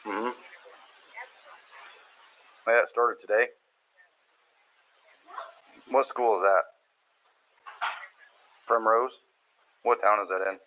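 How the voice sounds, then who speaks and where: A police officer asking brief, matter-of-fact questions, recorded on body cam footage. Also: male voice, fairly low pitch, steady tone, drawn-out words, long pauses, bright, forceful tone. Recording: dull body cam audio with faint noise.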